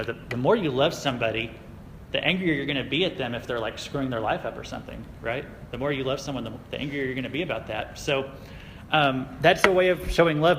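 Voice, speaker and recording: A man preaching a sermon to a youth group in a casual, conversational way, with fillers and quick laughs. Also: medium pitch, gravelly, fairly bright tone, big-room sound, a little hiss or hum, rough recording. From United States. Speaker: youth pastor. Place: church sanctuary.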